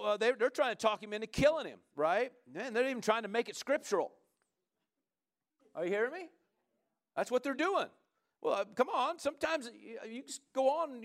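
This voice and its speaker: A man preaching a sermon in a lively, conversational way, often asking the congregation "right?" and urging them on. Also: very high voice. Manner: animated, conversational preaching with frequent "come on" and "right?". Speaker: pastor.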